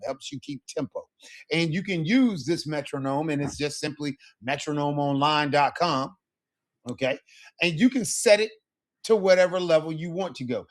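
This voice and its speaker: A native English-speaking man teaches a Spanish class with lively, upbeat energy, regularly checking in with "right?" and "okay?". His voice leans toward the high side.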